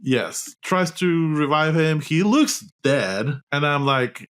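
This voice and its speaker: Young male podcast co-host, casual film recap, excitable, breaks into squeaky outbursts. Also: measured pace, few pauses. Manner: animated, laughing, jumps into high-pitched outbursts.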